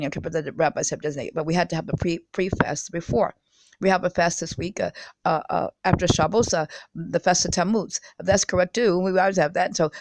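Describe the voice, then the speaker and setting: A woman's voice: low voice, creaky, dry recording. A woman talking straight to her viewers in a rambling monologue. She halts and restarts often, repeats words, and grows insistent and agitated. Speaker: self-published video speaker. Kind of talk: rambling direct-address monologue.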